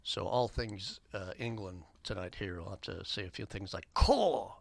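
Upbeat radio DJ man, bright dry voice. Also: deep voice, steady tone, moderate pace, vocal fry, dry recording. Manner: upbeat, rambling with many fillers. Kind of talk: radio shout-outs and announcements. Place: radio studio. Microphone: studio microphone.

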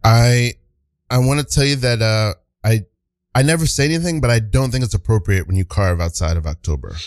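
A man's voice: mid-range voice, lively intonation, a little fast, dry recording, close to an everyday voice. A man improvising a nervous shirtless husband who stammers and frets. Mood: flustered. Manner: stammering, flustered.

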